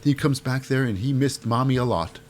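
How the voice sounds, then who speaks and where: A man's voice: mid-range voice, moderate pace, soft background music. A man giving a casual, jokey recap of a wrestling show. He rambles and fills his talk with "uh" and "you know".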